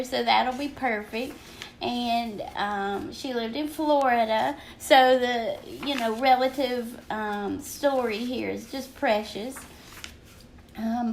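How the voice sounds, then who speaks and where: With a faint hiss or hum in the audio, an older woman speaking in a high, gravelly voice with a Southern American accent chats on a craft livestream. Sitting at her home craft desk, she rambles casually and greets viewers by name.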